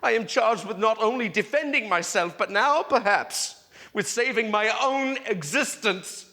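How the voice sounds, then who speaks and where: A grandiose playwright on trial declaims with fretful flourish, as a man plays him on stage. His voice sits high and leaps about. A long reverb trails every line through the theater. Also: lively intonation, unhurried, sharp tone, full character voice. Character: flustered aging male playwright on trial, grandiose. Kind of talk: live stage acting.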